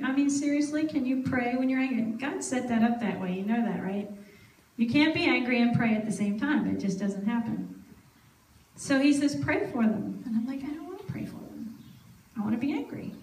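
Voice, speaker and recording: At an outdoor fairground church service, a woman who is a gospel singer and speaker tells a personal faith story, acting out her own past dialogue as she goes. Her voice is a little high and a little mellow, sounding echoey and far off.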